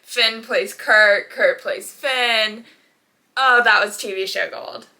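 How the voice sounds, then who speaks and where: A woman's voice: medium pitch, takes it slowly, sharp tone. A young woman vlogging in casual chat, talking animatedly with dramatic rants and laughs.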